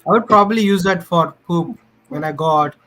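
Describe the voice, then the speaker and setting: A man's voice: fairly high pitch, brisk, a bit bright, slight background noise. A man joining a casual talk show with short remarks and laughs. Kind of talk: casual chat.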